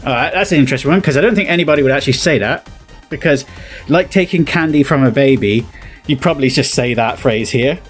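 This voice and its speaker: A man's voice: mid-range voice, fast, husky, soft background music. A man from southwest England with a West Country accent, chatting through a casual reaction commentary and rambling on with lots of fillers and restarts. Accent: West Country English. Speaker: video commentator.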